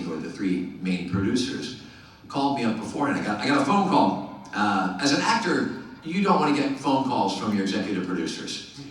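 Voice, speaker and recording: Man telling a story in a big echoing hall. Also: fairly low pitch. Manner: animated anecdote-telling with impressions in quotes. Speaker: panel guest actor. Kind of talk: convention panel storytelling. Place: large convention hall. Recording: echoey convention hall, distant mic.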